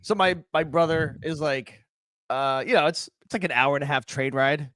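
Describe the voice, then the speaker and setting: Man, podcast co-host, swears freely, rants animatedly, bit high-pitched, dry close sound. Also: moderate pace, no echo. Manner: profane, animated ranting storyteller. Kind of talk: casual storytelling chat.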